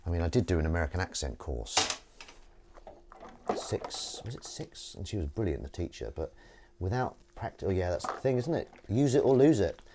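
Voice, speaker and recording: Deep-voiced man chatting over the dishes. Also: sing-song, normal speed. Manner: chatty and rambling, jokey asides to viewers. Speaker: host washing dishes on a livestream. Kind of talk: casual chat while washing up. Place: home kitchen at the sink. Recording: dish clatter and water noise. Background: clinking dishes and cutlery.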